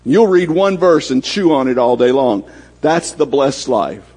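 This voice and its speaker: A man's voice: mid-range voice, a little slow, darkish tone, slightly rough. A man preaching a sermon in a folksy, conversational way, acting out little bits of dialogue as he goes. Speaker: pastor.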